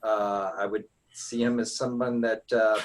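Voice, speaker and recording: A man's voice: fairly low pitch, flat delivery, unhurried, slight background noise. A man, a larp player, chatting eagerly on a group call and laughing often. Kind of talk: casual video call chat.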